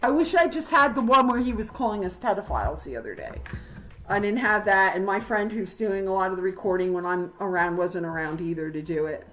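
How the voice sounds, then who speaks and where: A woman's voice: mid-range voice, lively intonation, brisk, a bit bright, soft background music, rough recording. A woman hosting a livestream, ranting heatedly and confrontationally, rambling with fillers. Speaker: livestream host.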